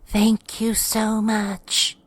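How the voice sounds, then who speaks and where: A man voicing a polite, frail elderly woman shopper in a told horror story, speaking slowly and sweetly. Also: high voice, completely flat delivery, no room sound, voice pushed up, heavily acted. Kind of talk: storytelling narration.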